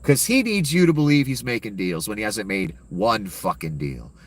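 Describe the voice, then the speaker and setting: A man's voice: lowish voice, sing-song, moderate pace. Profane, ranting male commentator. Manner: angry, profane, sarcastic. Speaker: political commentator.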